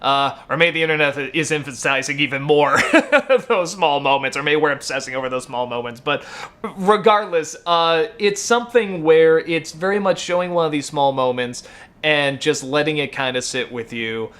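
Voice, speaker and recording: Speaking at a moderate pace with a fairly bright tone on the high side, a man in his thirties talks casually to camera for his web show. It's a rambling delivery, heavy on fillers and corrections, and little things set him off.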